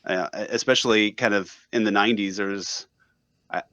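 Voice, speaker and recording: A man's voice: on the low side, fairly even intonation, normal speed, bright, forceful tone, dry recording. A man, a radio host appearing as a podcast guest, talking thoughtfully in casual conversation and hedging often with fillers.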